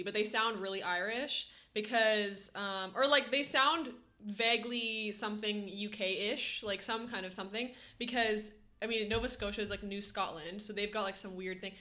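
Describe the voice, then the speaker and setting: Bright-voiced chatty Canadian woman. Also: mid-range voice. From western Canada. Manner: chatty and giggly, lots of "like" fillers. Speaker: streamer reading chat. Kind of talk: casual live-stream chat while gaming.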